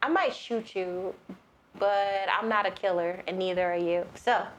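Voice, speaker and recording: A woman's voice: mid-range voice, a little slow, muffled recording, a little hiss or hum, pitched below the performer's own voice, lightly acted. A woman voicing a stern, protective mother with a firm, matter-of-fact manner.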